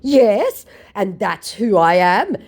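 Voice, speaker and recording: A pushy online romance scammer, male, with a wheedling, overly sweet way of talking, as a woman puts him on. The voice sits high and loud, pushed well above a natural speaking pitch. It swings up and down with mocking exaggeration. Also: sing-song, slow pace, exaggerated voice.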